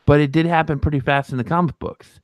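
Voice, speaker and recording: A man's voice: fairly high pitch, fairly even intonation, fast talker, no echo. A man co-hosting a fan podcast, talking casually and rambling with many restarts and fillers. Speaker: podcast co-host.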